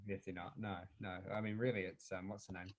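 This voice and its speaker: A young man, co-hosting a casual podcast with wry remarks that trail off quietly. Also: low voice, level tone, quick pace. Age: young adult. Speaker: podcast co-host. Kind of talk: casual chat.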